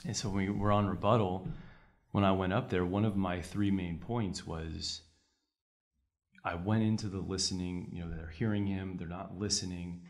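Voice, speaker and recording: Young male lawyer, low voice, energetic and brisk storytelling. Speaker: trial lawyer guest. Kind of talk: conversational podcast interview.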